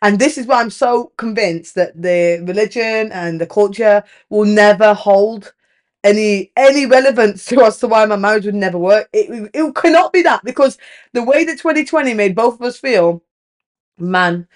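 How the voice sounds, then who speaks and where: Her mid-range voice moves at normal speed as this woman in her thirties, a podcast host, tells an emphatic, candid story about relationships. She swears casually, and her delivery lifts in lively, animated rises.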